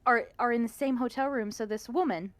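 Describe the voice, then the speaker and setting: A woman in her twenties telling an animated story in casual chat, swearing freely. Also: a little high, brisk, no echo. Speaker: regular player on a tabletop game stream.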